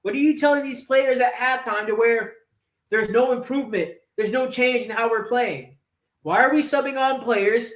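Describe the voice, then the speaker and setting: A man's voice: extremely high pitch, moderate pace. A man hosting a football fan livestream, delivering an angry, profane match-reaction rant full of rhetorical questions. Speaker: host of a football fan channel. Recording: roomy echo.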